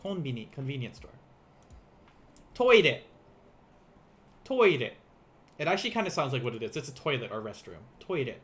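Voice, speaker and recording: A young man teaching beginner vocabulary in a casual livestream, playful and quick to laugh, repeating each word slowly for learners. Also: mid-range voice, big pitch swings, a bit bright. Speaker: language teacher.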